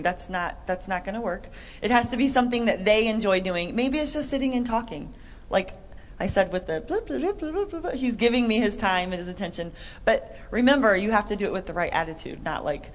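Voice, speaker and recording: Woman chatting on a christian show, lively, acts out bits of dialogue. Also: mid-range voice, moderate pace. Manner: chatty, animated, acts out quotes. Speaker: co-host. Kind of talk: Christian podcast chat.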